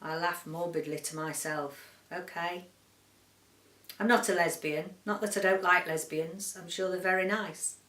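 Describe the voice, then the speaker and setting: A woman book vlogger from the UK reading a short story aloud in a quiet, measured, subdued way. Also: on the low side, fairly even intonation, far from the mic. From United Kingdom. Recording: roomy echo, voice set back from the mic.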